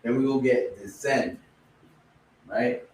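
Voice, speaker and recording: Slow-talking man with a Spanish accent. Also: a little mellow. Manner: casual, repeats "right?" and "boom". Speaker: language teacher. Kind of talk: online vocabulary class. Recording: roomy, distant mic, faint background noise.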